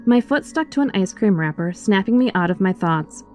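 A woman with a mid-range voice briskly reads a first-person horror story aloud, giving it an expressive, scripted storytelling delivery while faint music plays underneath.

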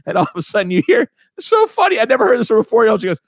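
A man's voice: high voice, huge pitch swings, rapid-fire, no room sound. A man co-hosting a comedy podcast, telling rambling stories with frequent laughs. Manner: rambling storyteller, laughs often, puts on loud voices for quotes. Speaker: podcast co-host. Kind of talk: casual comedic chat.

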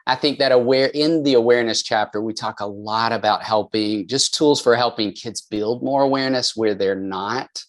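Earnest man explaining at length. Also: lowish voice. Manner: earnest, explanatory, many "I think" qualifiers. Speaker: counselor and author. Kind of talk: podcast conversation.

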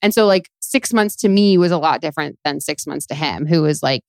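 A woman with a low-pitched voice talks candidly in a casual podcast chat, laughing and filling her sentences with likes. The sound is close and dry, with no room around her. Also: brisk, no room sound. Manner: candid, laughing, lots of fillers.

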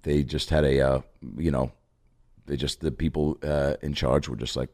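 Deep-voiced man telling animated stories. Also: normal speed. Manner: animated storyteller, acts out quoted people with big pitch jumps. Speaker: podcast guest, comedian. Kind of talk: casual storytelling chat.

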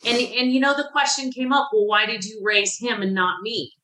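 Amid crowd noise on a poor-quality recording, a middle-aged woman speaks at a moderate pace in a fairly high, fairly even voice. As a podcast guest she opens up sincerely about her recovery, voicing the people she quotes.

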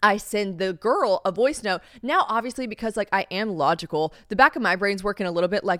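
A young woman hosts a podcast, spinning a story in loose, profane chat and poking fun at herself as she acts out the people she quotes. Her voice is smooth and clear in the middle range. The sound is close and dry, with no room echo. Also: mid-range voice, fairly quick, few pauses, sharp tone. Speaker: podcast host. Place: Tennessee.

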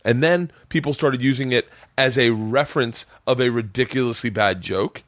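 A man hosting a casual podcast, telling stories in a rambling, animated way and swearing a lot. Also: mid-range voice, normal speed, no room sound, clean studio sound. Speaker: podcast host. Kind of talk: casual chat.

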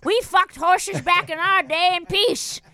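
A woman's voice: very high-pitched, unhurried, a crowd in the background, pitched above the performer's own voice. Woman doing a grumpy old man neighbor. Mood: grumbling.

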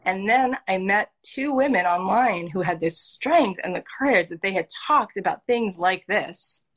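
A woman's voice: mid-range voice, unhurried. A woman hosting as a life coach, talking earnestly and emotionally in a heartfelt coaching conversation. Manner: earnest, emotional, animated storytelling.

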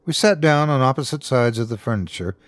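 A man's voice: medium pitch, lively intonation, fairly quick, no echo, clean studio sound. Man narrating a horror story. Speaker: podcast host and narrator.

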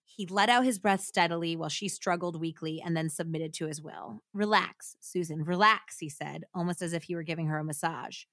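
This woman has a deep, steady voice and talks a little fast as she reads a true crime account for her podcast, acting the quotes and then chatting and joking. It's a dry, clean studio recording.

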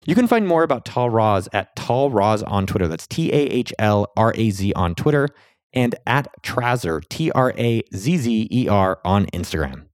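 A man hosting a podcast, talking in an upbeat, excitable, salesy way, then chatting casually with his guest. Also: normal speed, smooth, no echo, studio quality. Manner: upbeat, salesy, excitable delivery with sudden pitch jumps. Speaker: podcast host. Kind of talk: energetic podcast intro and casual interview.

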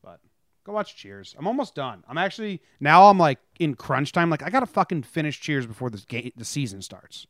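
Rambling podcast co-host, dry close mic. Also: male voice, fairly high pitch, very animated, fairly quick, fairly bright tone, dry recording. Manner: rambling, self-interrupting. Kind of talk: casual sports chat.

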